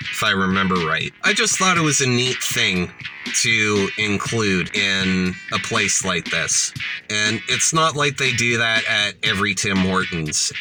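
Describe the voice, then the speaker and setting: A man's voice: fairly low pitch, low-quality recording. A man narrating his vlog casually, laid-back and wandering, with frequent "uh"s. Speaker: vlogger.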